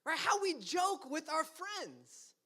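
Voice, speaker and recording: A man's voice: very high voice, sing-song, slow pace, sharp tone. A young man preaching a casual, conversational sermon, laughing often and acting out quoted lines with self-deprecating asides. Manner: acts out quoted lines in funny voices. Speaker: pastor.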